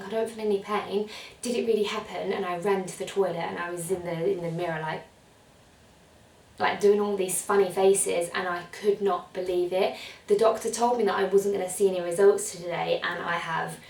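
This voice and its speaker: A woman's voice: medium pitch, darkish tone, far from the mic. A young woman talking casually to camera as a vlogger, chatty and rambling, with lots of fillers. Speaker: beauty vlogger. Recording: roomy sound, mic set back.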